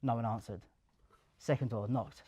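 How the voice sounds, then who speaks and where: A young man tells his story at a live event in an office. He is chatty and lively, slipping into the voices of the people he quotes. His voice sits at an ordinary middle pitch. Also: moderate pace, breathy edge. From Essex, England. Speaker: guest, career switcher. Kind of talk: casual storytelling interview.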